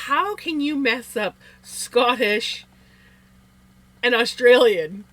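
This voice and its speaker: A woman's voice: a little high, expressive, takes it slowly, fairly bright tone, no room sound. A woman with a Canadian accent, chatting casually on a live stream while she spins yarn, rambling with lots of fillers and frequent laughs. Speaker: livestreamer.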